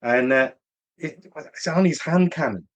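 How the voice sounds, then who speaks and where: A man's voice: fairly high pitch, a little slow. A man, a guest on a casual film podcast, laid-back and dry.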